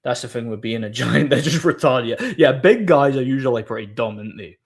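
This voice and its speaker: On his live stream, a man rambles through stories in casual talk, restarting often and trading blunt, crude banter. His middle-pitched voice is animated and brisk, with a bit of hiss or hum in the audio.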